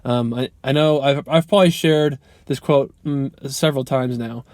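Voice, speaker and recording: A man's voice: mid-range voice, normal speed, a little mellow, no echo. A young man talking casually to camera in a vlog, earnest and motivational, rambling with many ums and restarts. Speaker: vlogger. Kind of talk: casual unscripted vlog talk.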